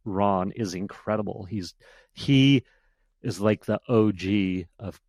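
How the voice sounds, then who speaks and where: A man with a fairly low voice talks as a guest on a podcast. He tells animated stories and acts out sample emails in quotes. The sound is dry and close, with no room around it. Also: dry recording. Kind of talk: casual interview chat.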